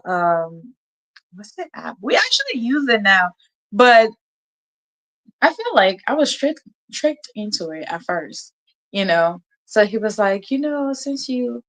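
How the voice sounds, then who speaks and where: A woman's voice: mid-range voice, rough recording. A woman in her thirties hosting a casual live chat, telling a story with laughter and acted-out quotes. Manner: animated, laughing, acts out quotes. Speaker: host.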